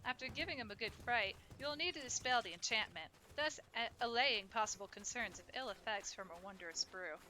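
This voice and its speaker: A grandiose festival organizer speaking in formal, old-fashioned flourishes, read out by a woman in a fairly high voice. Game music plays clearly underneath. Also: lively intonation, a little fast, few pauses, sharp tone, rough recording. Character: grandiloquent festival organizer plotting against a circus.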